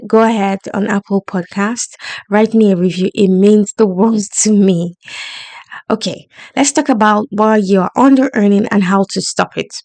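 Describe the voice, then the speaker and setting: A woman's voice: mid-range voice, darkish tone, no room sound. A woman hosting a solo podcast, coaching her listeners in an encouraging, upbeat tone. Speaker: podcast host and money coach.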